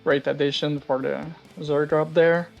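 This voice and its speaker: A man co-hosting a game league stream, talking in a relaxed, casual way. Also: a little high, a little slow, gravelly, highs cut off, soft background music. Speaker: co-host.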